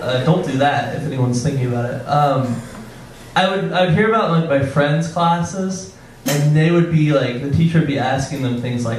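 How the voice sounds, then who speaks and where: A man doing a stand-up set, awkward and self-deprecating, halting with frequent ums. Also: mid-range voice, a little hiss or hum. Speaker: stand-up comedian. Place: comedy club stage. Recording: roomy club sound from a distance with audience. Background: audience laughter.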